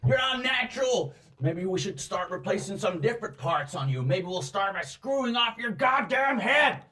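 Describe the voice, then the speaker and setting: A game master voicing hostile human thugs in a tabletop game, yelling abuse in a shrill, strained voice. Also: male voice, expressive, normal speed, roomy sound. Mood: hateful, yelling. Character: hostile male human thugs screaming at a cyborg.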